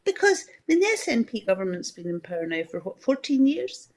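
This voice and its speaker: A woman's voice: fairly high pitch, very animated, a little fast. A middle-aged Scottish woman giving candid political comment in a news discussion, talking conversationally with many fillers and restarts.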